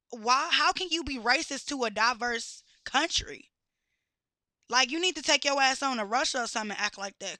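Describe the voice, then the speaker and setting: A woman's voice: sits high, bright, forceful tone, no echo, studio quality. A woman ranting bluntly with heavy cursing and exasperated rhetorical questions. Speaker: podcast host. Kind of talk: profane rant.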